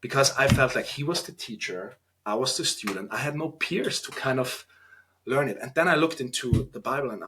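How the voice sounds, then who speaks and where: A man in his thirties, a trainee priest with an Austrian German accent, is a guest on a podcast interview. His mid-range voice is expressive as he speaks earnestly and reflectively, halting and restarting often. The background is noisy.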